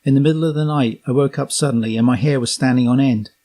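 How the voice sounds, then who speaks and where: Husky-voiced Norfolk man reading aloud. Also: mid-range voice. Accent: Norfolk English. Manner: steady, unhurried reading, occasional slips. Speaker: reader. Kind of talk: audiobook narration of a memoir.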